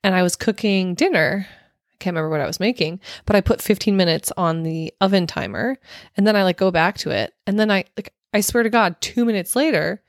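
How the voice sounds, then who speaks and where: A chatty woman in casual podcast talk, stringing her stories together with constant "like" fillers. Her voice sits at an ordinary middle pitch, recorded dry and close with no room sound. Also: brisk, no room sound. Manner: chatty storyteller, heavy filler "like". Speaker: podcast co-host. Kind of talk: casual chat.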